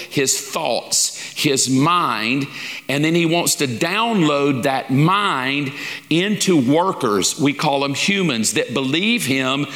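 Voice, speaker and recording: Pastor guy teaching, casual folksy sermon, bright voice, big echoey church. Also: a little high. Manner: folksy and informal, acting out little quoted asides. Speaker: pastor teaching a lesson series. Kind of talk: conversational sermon. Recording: long reverb of a large hall.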